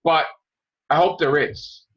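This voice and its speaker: A man hosting a casual podcast chat, animated and acting out scenes with loud outbursts. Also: on the high side, slow pace, husky, lo-fi sound. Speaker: podcast host.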